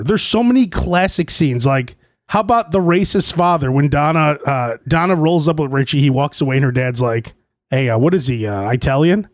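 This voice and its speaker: A man hosting his comedy podcast in a casual monologue, brash and excitable, laughing at his own jokes. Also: fairly high pitch, dry recording, clean studio sound.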